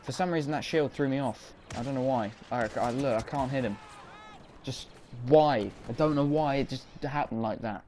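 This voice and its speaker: A man's voice: medium pitch, brisk, darkish tone, slight background noise. A man giving casual, self-mocking commentary while playing a video game, reacting on the fly. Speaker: gaming commentator.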